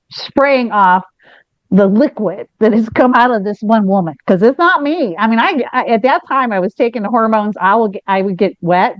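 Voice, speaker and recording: A woman with a fairly high voice tells a long personal story on a podcast, animated and rambling, often restarting her sentences. The sound is dry and a little dull, like a lo-fi home recording. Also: no room sound. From United States. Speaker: podcast co-host. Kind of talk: candid storytelling chat.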